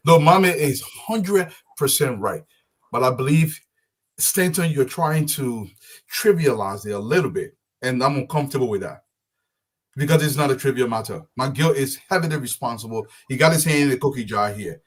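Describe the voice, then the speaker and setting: A man's voice: medium pitch, animated, normal speed. A man arguing insistently as a panelist on a political talk show. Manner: forceful, insistent, lecturing.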